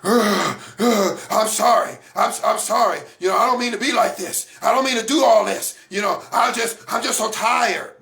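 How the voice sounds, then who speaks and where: A man's voice: high voice, normal speed, vocal fry, hardly any pauses, sharp tone, heavily acted. A man acting out a weary, frustrated person who keeps apologizing with a sigh. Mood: weary apologetic. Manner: sighing, pleading apology. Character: worn-out apologetic frustrated adult.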